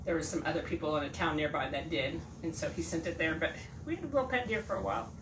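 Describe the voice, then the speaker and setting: A woman's voice: deep voice, quick pace. A middle-aged woman telling stories in a casual chat while she makes a wreath. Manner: storytelling, animated when telling jokes. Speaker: wreath maker hosting a live stream. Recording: roomy echo from a distance, faint noise.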